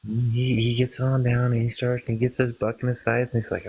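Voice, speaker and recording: A man's voice: medium pitch, level tone, moderate pace, vocal fry, hardly any pauses, a little mellow, slight background noise. A man calling into a stream who talks in a rambling way, telling a joke and acting out its lines. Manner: rambling storyteller, acts out quoted lines. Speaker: caller. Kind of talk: casual chat, telling a joke.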